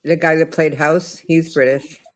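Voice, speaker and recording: A man's voice: fairly high pitch, little pitch movement, measured pace, dull audio. A man hosting a livestream in casual chat, laughing often and restarting his sentences. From United States. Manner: chatty, laughing, many restarts. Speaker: livestream host.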